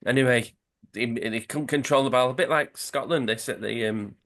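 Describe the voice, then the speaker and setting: A man's voice: mid-range voice, normal speed, a bit bright. A man, a podcast host casually retelling a football comic story, rambling with fillers and restarts.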